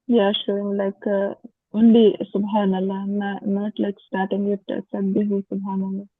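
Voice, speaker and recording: A woman student asking halting questions in an online grammar class over a tinny call line. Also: medium pitch, completely flat delivery, breathy edge, no echo.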